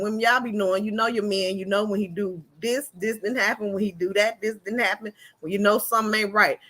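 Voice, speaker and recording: A woman giving casual gossip commentary as a vlogger, talking in an animated, colloquial way and laughing often. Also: medium pitch.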